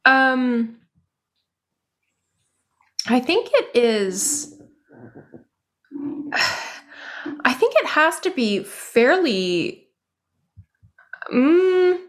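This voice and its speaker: A woman's voice: high-pitched, big pitch swings, extremely slow, pauses often. A woman player in a tabletop game, thinking aloud and filling with "like". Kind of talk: casual chat in a tabletop game.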